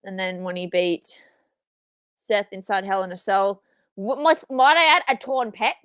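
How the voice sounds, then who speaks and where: A young woman hosting a live watchalong, reacting excitedly, swearing and yelling at the screen, then repeating her frustration. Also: medium pitch, a little slow, clean tone, no room sound. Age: young adult. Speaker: watchalong streamer.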